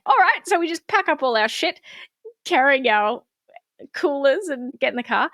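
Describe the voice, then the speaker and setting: Animated woman telling a story. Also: sits high, moderate pace, no room sound, clean studio sound. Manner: animated, acts out quotes, swears freely. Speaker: podcast co-host. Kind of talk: casual storytelling chat.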